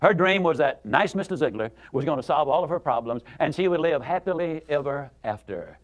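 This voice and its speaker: A motivational speaker with a high-pitched voice delivers his speech in a folksy, storytelling manner, animated and fairly quick. He leans heavily on emphasis and repeats words and phrases for effect.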